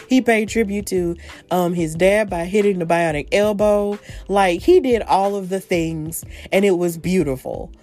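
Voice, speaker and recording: A woman hosting a solo wrestling podcast, recapping events in a casual, excitable storytelling manner full of slang. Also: mid-range voice. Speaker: podcast host.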